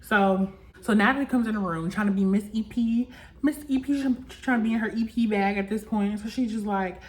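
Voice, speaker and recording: A woman's voice: mid-range voice, fairly quick. A young woman in casual chat, recapping a reality show, talking loosely with lots of "like" and acting out what people said. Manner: chatty, full of "like" and acted-out quotes.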